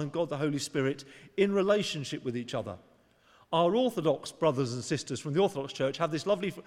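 A man's voice: on the high side, long reverb tail. A man preaching a sermon in an earnest, conversational way, sometimes acting out short voices for emphasis. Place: church.

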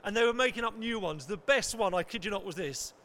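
A middle-aged man preaching a lively sermon, acting out panicked voices and asking the audience questions. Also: high-pitched, fast talker.

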